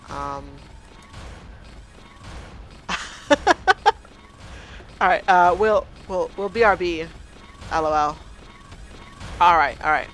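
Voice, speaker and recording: High-voiced, unhurried gamer man muttering. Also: fairly bright tone, a little hiss or hum. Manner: hesitant, muttering to himself while figuring out controls. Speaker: gameplay commentator. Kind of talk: let's play commentary.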